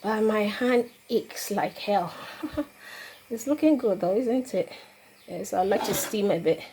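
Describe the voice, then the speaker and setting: A woman's voice: medium pitch, lively intonation, a little slow, noisy background. A middle-aged woman from Ghana chatting casually to her viewers as she cooks in her home kitchen, laughing often. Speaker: cooking vlogger. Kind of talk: casual cooking demonstration.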